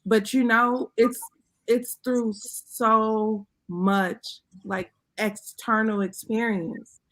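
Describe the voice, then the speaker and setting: A woman's voice: on the high side, flat delivery, drawn-out words, a bit bright. A woman co-host in a casual chat over a video call, rambling and reflective as she searches for words.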